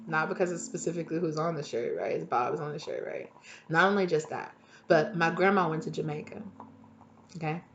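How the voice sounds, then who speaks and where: Woman doing a tarot reading, chatty and animated, swears a lot, light hiss in the background. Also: low-pitched, lo-fi sound. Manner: chatty, animated, swears freely, laughs at herself. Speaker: tarot reader. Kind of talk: casual collective tarot reading.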